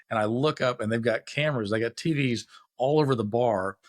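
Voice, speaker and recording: A man's voice: mid-range voice, fairly quick, no echo, studio quality. A man hosting a casual chat, a laid-back storyteller who acts out the people in his tales. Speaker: podcast host.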